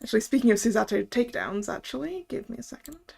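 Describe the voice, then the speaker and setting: A woman's voice: a little high, animated, fast talker, creaky, a little mellow, husky. A woman streamer chatting casually over a game, stumbling over words and giggling. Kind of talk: casual gameplay commentary.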